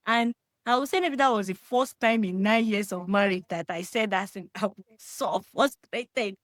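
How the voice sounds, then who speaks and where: Nigerian woman, 30s, Yoruba accent; animated, emphatic podcast talk; dry, close sound. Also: medium pitch, normal speed, no room sound. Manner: emphatic, animated, talks straight to the listener; mixes Yoruba phrases into English. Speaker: podcast discussion guest. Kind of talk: casual faith-centred discussion.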